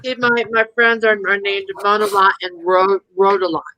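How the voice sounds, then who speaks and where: A woman hosting a live stream, chatting casually and warmly about friends and family. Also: mid-range voice, steady tone, normal speed, low-quality recording. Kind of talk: casual chat.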